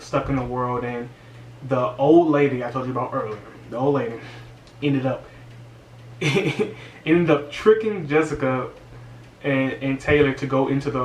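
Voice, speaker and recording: A man's voice: medium pitch, slight background noise. A man recapping a horror movie in a casual, slangy, exasperated way. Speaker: movie reviewer. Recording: roomy, distant mic, faint ambience.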